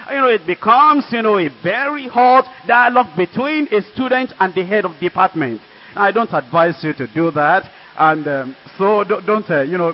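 High-voiced older Nigerian preacher. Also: male voice. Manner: earnest storytelling with emphatic asides. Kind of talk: sermon testimony. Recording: dull lo-fi recording.

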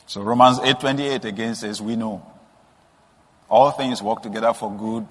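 Husky preacher in a reverberant hall. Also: male voice, mid-range voice. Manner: storytelling with rising emphatic bursts and soft asides. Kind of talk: sermon.

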